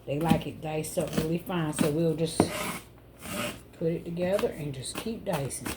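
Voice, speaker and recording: In a low voice at normal speed, a home cook vlogger chats casually with her viewers, addressing them as y'all and baby. Loud background noise runs through the recording.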